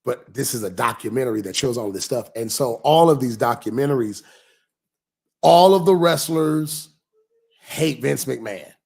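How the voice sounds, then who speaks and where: A man, a pastor, chatting casually on a livestream, reading viewers' comments aloud and answering them, lively at times and dropping to near whispers. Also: mid-range voice, moderate pace, creaky, slightly rough.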